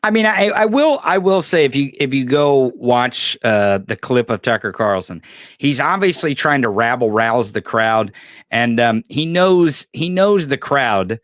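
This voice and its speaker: A man co-hosts a casual political chat with a mid-pitched voice, recorded dry and close. He is plain-spoken and halting, often restarting and repeating words. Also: expressive, a bit bright, dry recording.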